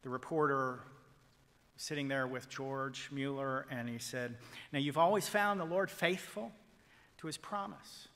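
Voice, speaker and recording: A male pastor preaching a sermon, swinging from loud proclamation to hushed whispers as he retells a story and quotes people in it. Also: medium pitch, a little slow, long reverb tail. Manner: quotes figures in a retold story.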